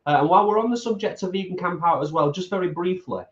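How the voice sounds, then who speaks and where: A middle-aged man co-hosting a casual mukbang chat, earnest and deliberate, repeating points for emphasis. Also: sits high. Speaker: co-host. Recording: roomy, slightly dull home recording.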